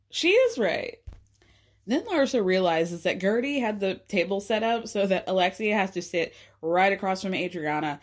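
A woman's voice: medium pitch, big pitch swings, normal speed. A woman giving casual recap commentary with sarcastic asides and frequent laughs. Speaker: recap vlogger.

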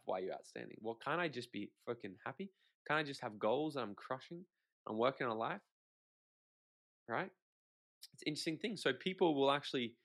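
A man, a podcast guest, telling stories in a lively conversational way, swearing casually and acting out quotes. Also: mid-range voice. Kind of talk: animated conversational storytelling.

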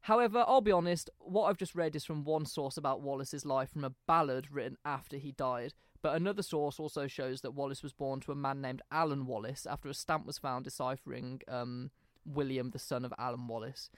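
A man's voice: medium pitch, brisk, hardly any pauses, dry recording, studio quality. A young man from England, hosting a podcast and telling history in a casual, hesitant, chatty way. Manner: chatty, hesitant, self-deprecating. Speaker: podcast host.

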